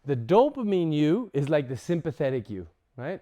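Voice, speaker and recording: A man teaching a breathwork workshop to a group, casual and lively, swearing now and then and acting out examples. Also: fairly high pitch, normal speed, few pauses, slight background noise. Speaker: breathwork instructor.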